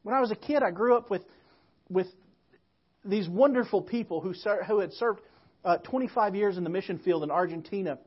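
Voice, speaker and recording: A woman pastor preaching a sermon, telling stories and moving between quiet reflection and emphatic calls to the church. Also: medium pitch, a little fast, breathy edge, highs cut off.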